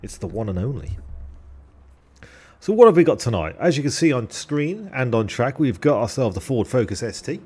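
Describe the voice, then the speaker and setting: Lively chatty streamer man. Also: medium pitch, moderate pace, husky. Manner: chatty, jokey and swearing, thanking subscribers. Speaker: sim racing commentator and streamer. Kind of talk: live-stream race commentary.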